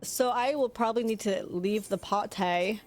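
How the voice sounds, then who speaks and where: A woman's voice: mid-range voice, normal speed, darkish tone, a little hiss or hum. A woman streaming a video game live, chatting casually and rambling to herself as she plays. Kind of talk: casual live-stream chat while gaming. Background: game music.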